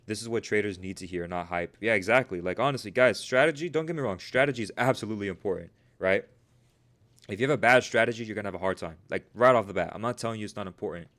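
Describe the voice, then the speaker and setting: A fast-talking man with a somewhat low, slightly bright voice runs a live stream coaching traders and answering chat. Casual yet emphatic, he delivers preachy motivation, keeps saying "bro" and "you guys," and repeatedly asks "right?"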